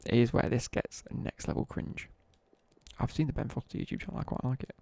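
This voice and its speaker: A man's voice: medium pitch, steady tone, fairly quick, a little mellow, dry recording. A young man chatting casually as a streamer, telling a rambling story with asides while he plays a game. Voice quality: gravelly, husky. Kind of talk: casual chat while gaming.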